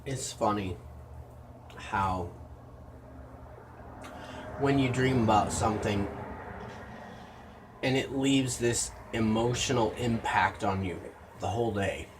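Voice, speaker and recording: A man's voice: fairly low pitch, slow pace, long pauses, noisy background. Tired rambling man, slightly distant mic. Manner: weary, rambling, talking to himself. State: tired and run down. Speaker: gas station clerk. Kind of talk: casual video diary. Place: gas station during a shift.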